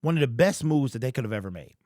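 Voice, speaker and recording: A man's voice: medium pitch, lively intonation, very fast, darkish tone. A man in the middle of his voice range delivers a heartfelt, rambling sports commentary for his own channel. He speaks casually, repeats phrases, and drops "bro" often. The sound is dry and close, with no room echo. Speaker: fan channel host. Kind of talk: emotional sports commentary monologue.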